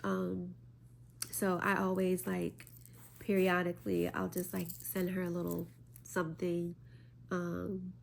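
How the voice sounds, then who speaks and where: A woman vlogger talks slowly and earnestly about her spiritual path, her voice low and edged with gravelly fry. She halts often, restarting her sentences and filling pauses as she gathers her thoughts. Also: completely flat delivery, a little hiss or hum. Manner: slow, halting, with many fillers and restarts. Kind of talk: casual talk to camera.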